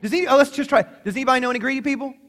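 A man preaching a sermon to a congregation, lively and conversational, acting out little voices as he tells the story. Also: extremely high pitch, very fast. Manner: animated, acts out voices in quotes. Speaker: pastor.

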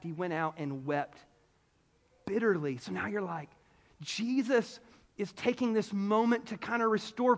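High-voiced preacher in a reverberant hall. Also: male voice. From South Carolina. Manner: animated storytelling, acts out voices, playful asides. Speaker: pastor. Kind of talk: sermon. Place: large hall before an audience.

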